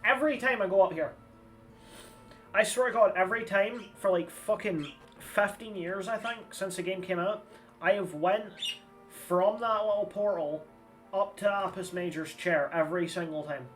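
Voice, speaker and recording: A man's voice: high voice, moderate pace, a bit bright. Chatty guy streaming a game. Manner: chatty, rambling, swears casually. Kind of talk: casual gameplay commentary. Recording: slightly distant mic with game music.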